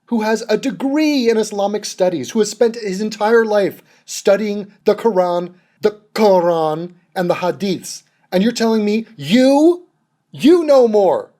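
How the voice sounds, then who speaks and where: A man's voice: high-pitched, lively intonation, normal speed, warm tone. A young man hosting a reaction video, mocking a clip with sarcastic, swear-filled commentary.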